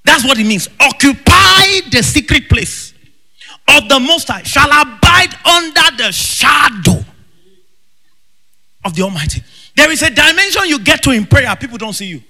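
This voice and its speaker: A man preaching a fervent sermon, shouting in bursts and breaking into tongues. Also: very high voice, sing-song, moderate pace. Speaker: pastor. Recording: long reverb with faint music.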